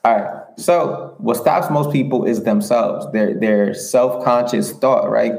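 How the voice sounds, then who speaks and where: Man, motivational livestream talk, gravelly, roomy echo, earnest and repetitive. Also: medium pitch, takes it slowly, a little mellow. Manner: earnest, repetitive, rhetorical questions. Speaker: motivational speaker.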